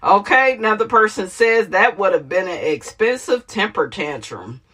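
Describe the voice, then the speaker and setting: A woman hosting casual celebrity gossip commentary in a sassy, animated way, laughing often and calling viewers honey. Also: mid-range voice, normal speed, breathy edge.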